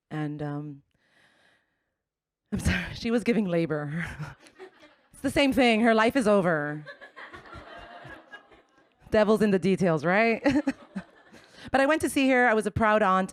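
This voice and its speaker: A woman's voice: on the low side, clear, resonant tone, dry recording, clean studio sound. A woman in her forties from Colombia, doing a brash, bawdy stand-up comedy set. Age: 40s.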